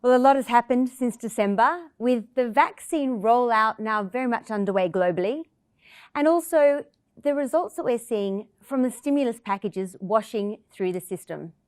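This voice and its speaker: Higher-voiced woman hosting, dry sound. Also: expressive, moderate pace, a little mellow, clean tone, no room sound. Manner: polished, read-from-script delivery. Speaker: interview host. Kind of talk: scripted introduction and interview questions.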